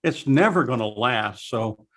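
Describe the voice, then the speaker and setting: An older man, a veteran race broadcaster, telling lively anecdotes in a casual interview over a video call. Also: mid-range voice, a little slow. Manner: storytelling, animated anecdotes.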